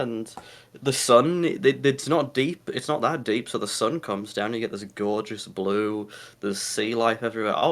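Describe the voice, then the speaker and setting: A man's voice: mid-range voice, a bit bright. A man with a distinctly nasal voice chats as a guest on an informal show. He answers with eager enthusiasm and tends to ramble from one thought to the next. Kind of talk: casual chat.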